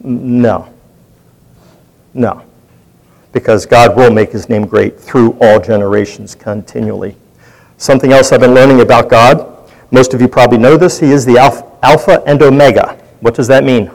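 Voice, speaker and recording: A man's voice: medium pitch, fairly even intonation, normal speed, creaky, darkish tone, rough recording. A man leading a Bible study, teaching in a conversational way and putting questions to his group.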